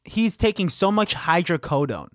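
A man's voice: high-pitched, very animated, moderate pace, no echo, studio quality. A young man co-hosting a casual podcast, eagerly asking playful questions. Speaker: podcast co-host. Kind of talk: casual chat about a film.

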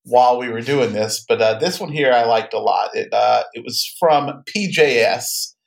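A man's voice: mid-range voice, moderate pace, creaky. A man co-hosting a podcast, reading out reviews and ribbing his partner in a dry, matter-of-fact way. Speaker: podcast co-host and author. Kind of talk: casual chat.

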